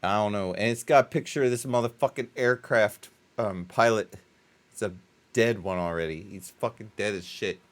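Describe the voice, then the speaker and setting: A man's voice: fairly low pitch, moderate pace. A man co-hosting a casual comedy talk show, rambling and swearing a lot while drinking. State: drinking, getting tipsy. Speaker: co-host.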